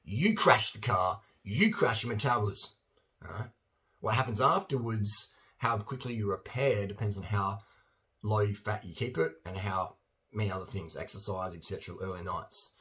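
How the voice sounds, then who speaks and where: A man's voice: on the low side, normal speed. A man, talking in a casual, blunt monologue and acting out silly voices with bursts of laughter. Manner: animated, acts out silly voices and laughs often; blunt and opinionated. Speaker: vlogger.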